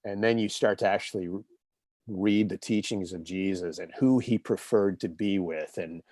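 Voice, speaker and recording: A man in his fifties with a lowish voice tells stories as an interview guest, in an earnest and reflective tone. The sound is dry and close, with no room around it. He talks in a loose, casual way. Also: moderate pace, darkish tone, no room sound. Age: 50s. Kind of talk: casual conversational storytelling.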